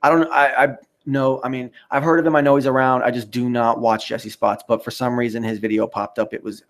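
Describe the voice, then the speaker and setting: A man's voice: medium pitch, flat delivery, fairly quick. A man hosting a live stream, ranting in a rambling, profane and mocking way while answering the chat. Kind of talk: casual live-stream rant.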